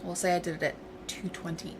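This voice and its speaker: A woman with a fairly low, fast voice streams games, chatting playfully and casually with viewers while she waits on her game. A constant background noise runs underneath.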